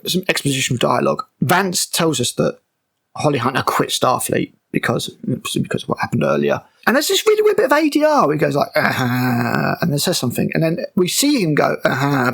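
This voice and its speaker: A man's voice: on the high side, gravelly, a bit bright, husky. A man recapping and tearing apart a TV episode with sarcastic, exasperated commentary and frequent swearing. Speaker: show reviewer.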